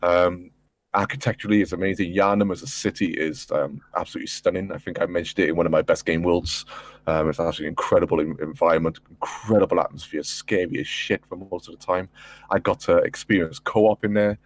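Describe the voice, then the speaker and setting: A man on a gaming podcast, talking casually and swearing, working himself up into excited storytelling. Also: low voice, fast. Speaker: podcast panelist. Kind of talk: casual chat.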